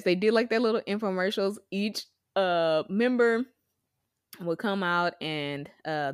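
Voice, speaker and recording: A woman's voice: lowish voice, dry recording, clean studio sound. A young woman chatting casually as a podcast co-host, gushing and laughing often as she talks. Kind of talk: casual fan chat.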